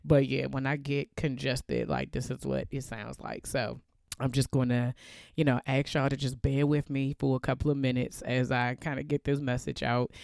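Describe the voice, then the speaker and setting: A woman in her thirties hosting a casual faith podcast, with a deep, bassy voice that sounds congested from allergies. She is chatty and laughs often. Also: normal speed, vocal fry, darkish tone, no room sound, studio quality. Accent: American. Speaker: podcast host.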